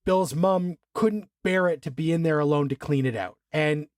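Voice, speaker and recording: A man co-hosting a podcast, casually talking through a film, animated, laughing and swearing as he acts out scenes. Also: on the high side, moderate pace, no echo, studio quality. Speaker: podcast co-host.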